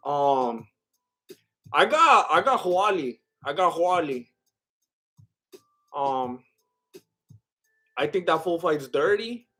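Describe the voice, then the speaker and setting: A man's voice: a little high, sing-song, slow, pauses often, sharp tone, soft background music. A man with a Mexican-American accent chatting casually on a live stream, rambling with lots of fillers and laughter.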